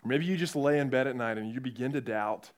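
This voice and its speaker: A young man preaching a youth sermon, telling stories with animated quoted voices. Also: medium pitch, fast. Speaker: youth pastor.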